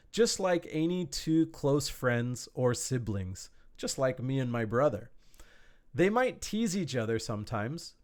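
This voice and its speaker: Slow, patient male English teacher. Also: medium pitch. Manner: slow, patient explaining with simple examples. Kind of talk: online language lesson. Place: indoor room, warm. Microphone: speaking to a camera.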